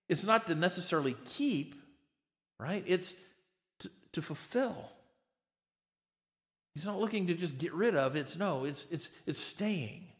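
Man, sermon, emphatic, repeats words, slightly high pitch. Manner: emphatic, repeats words when starting phrases. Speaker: pastor.

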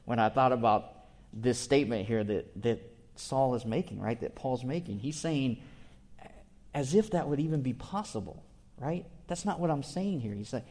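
A male preacher of middle pitch with a mellow, warm tone, teaching a sermon verse by verse. He talks in a relaxed, conversational way, restarting phrases as he explains each word. He keeps checking in with his listeners by asking "right?".

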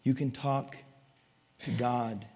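A man's voice: medium pitch, little pitch movement, slow pace, dark tone. A man preaching a sermon in a conversational way, often asking his listeners for an amen. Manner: conversational, asks the crowd for amens. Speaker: pastor. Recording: long hall reverb.

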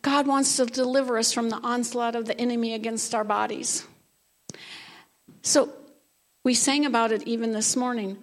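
A high-pitched woman preaching to her church, reading scripture and rising into bold declarations. Her delivery moves between quiet teaching and loud proclamation. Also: steady tone, normal speed, pauses often. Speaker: pastor. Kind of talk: sermon. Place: church sanctuary.

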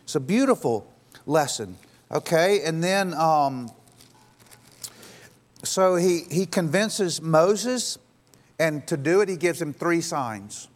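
Man, pastor, sermon, fairly high voice, acts out god's lines lower. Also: animated, takes it slowly, long pauses. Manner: conversational, acts out dialogue with God in a lower voice.

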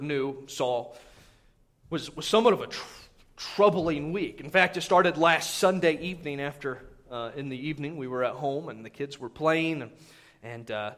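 A pastor in his thirties with a notably high voice preaches in an animated, conversational way. He tells his story with frequent quick asides to the congregation. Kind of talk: sermon storytelling.

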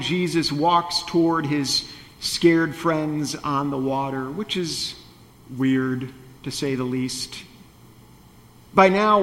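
A man's voice: on the high side, in a large hall. A male pastor delivering a sermon in a conversational, playful way, with wry asides.

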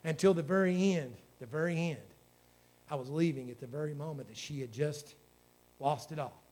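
A man's voice: fairly high pitch, normal speed, darkish tone. A man, a pastor preaching a sermon in a folksy storytelling way that builds to fervent exhortation.

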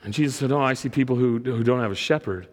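A man's voice: medium pitch, fast, darkish tone. A middle-aged man preaching a sermon and telling a personal story in an earnest way, often repeating words as he starts a phrase. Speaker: pastor. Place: church sanctuary. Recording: long hall reverb.

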